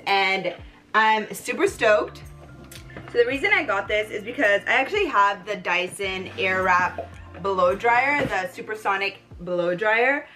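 A young woman chatting excitedly in a casual home beauty vlog, gushing and bubbly. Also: medium pitch. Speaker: beauty vlogger.

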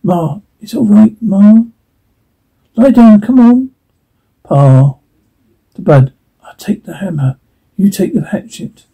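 A man's voice: high voice, animated, takes it slowly, gravelly, long pauses, mellow, slightly rough, pitched above the performer's own voice, exaggerated voice, poor audio. A man playing a stunned survivor father. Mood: urgent. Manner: tense, disbelieving.

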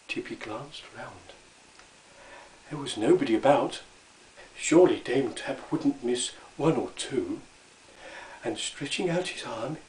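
A man reading a children's story aloud in an expressive, animated way. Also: high voice, roomy sound, low-quality recording.

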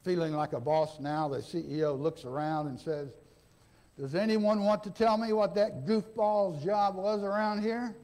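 A male pastor delivers a folksy sermon in a church, his voice sitting notably high for a man. He keeps checking in with the congregation and slips into the speakers he quotes to act out their lines. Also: moderate pace, a little mellow. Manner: folksy, asks the congregation "okay?", acts out quoted dialogue. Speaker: interim pastor. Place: church sanctuary.

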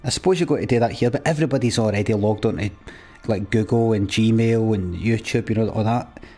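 A young man live-streams a game in a lowish, mellow voice at a fairly quick clip, with soft music playing behind him. He chats casually and rants at his viewers, swearing plenty and acting mock-exasperated with chat.

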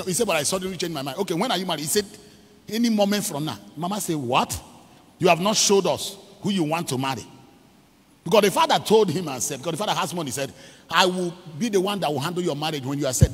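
A man's voice: fairly high pitch, animated, quick pace, husky, in a large hall. A man with a Nigerian accent preaching a sermon, telling a story and acting out its quotes. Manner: acts out quotes, leads shouted prayers, mixes in pidgin. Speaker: evangelist preacher. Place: large church hall.

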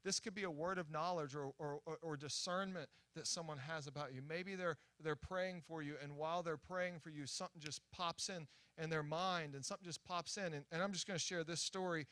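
A young man preaching at a church, telling a story in an animated, excitable way with many restarts and acted-out quotes. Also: on the high side, a little fast, hardly any pauses, no room sound. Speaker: guest preacher. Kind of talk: sermon storytelling. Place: church sanctuary.

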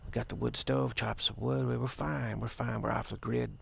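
A man's voice: medium pitch, fairly even intonation, moderate pace, gravelly, a little hiss or hum. A man voicing an easygoing, down-home rural uncle who reassures in a folksy, laid-back way. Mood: reassuring.

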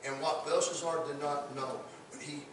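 Pastor guy preaching, kinda high voice, repeats himself a lot when he gets going, echoey church, mic far off. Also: fairly even intonation, moderate pace, background noise. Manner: emphatic, repeats words when building a point. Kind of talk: sermon. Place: church sanctuary.

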